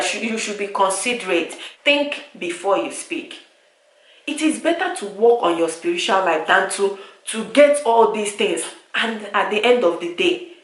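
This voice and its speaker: Nigerian woman vlogger, frustrated rant to camera, echoey room, mid-pitched voice. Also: fairly bright tone. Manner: exasperated, repetitive, lapsing into pidgin. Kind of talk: direct-to-camera vlog rant.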